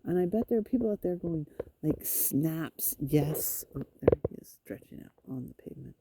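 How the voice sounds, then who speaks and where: A woman's voice: on the low side, animated, fast, very noisy. A woman venting in a rambling, frustrated monologue, swearing and talking to her cats outdoors on a road. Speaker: vlogger.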